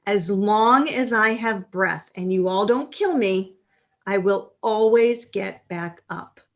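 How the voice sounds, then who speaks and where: A woman's voice: medium pitch, slow, lo-fi sound. A woman from upstate New York hosting a podcast interview, chatting casually and reading passages aloud. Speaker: podcast host.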